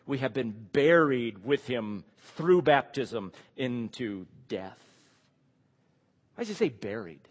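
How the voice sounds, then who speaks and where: Guy giving a sermon, asks the room questions, leans on key words, long echo off the hall. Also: mid-range voice. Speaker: preacher.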